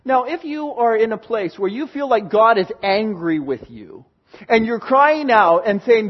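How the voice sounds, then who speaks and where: A man's voice: animated, unhurried, muffled recording. A man preaching a sermon, giving earnest expository Bible teaching and voicing God's words with strong emphasis. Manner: earnest, emphatic, paraphrasing God in a booming voice.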